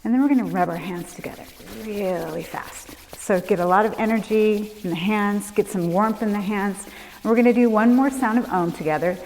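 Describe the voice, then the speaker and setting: Calm yoga teacher woman, reverberant hall. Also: medium pitch, brisk, slight background noise. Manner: calm, gentle breath cues. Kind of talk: guided yoga class instruction.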